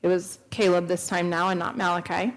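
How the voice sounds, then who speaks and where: A woman's voice: lowish voice, fairly even intonation, brisk. A woman in her thirties telling a personal testimony at a church, earnest and storytelling, acting out the dialogue she quotes. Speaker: speaker at a church. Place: church sanctuary.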